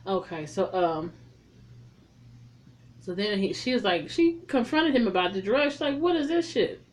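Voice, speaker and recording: A woman talks through the plot of a film in a loose, conversational recap, at a mid pitch for a woman. She tells the story with animated energy, swears freely, and wanders into her own asides. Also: measured pace. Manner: chatty, profane, animated retelling. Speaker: film reviewer. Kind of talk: casual spoken movie recap.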